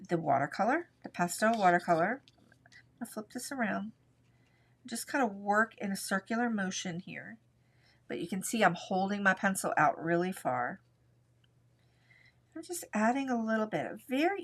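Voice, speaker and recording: Woman, art tutorial host, relaxed and chatty, narrates her coloring step by step, desk mic. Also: medium pitch. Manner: relaxed, chatty, narrates each stroke as she works. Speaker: art instructor.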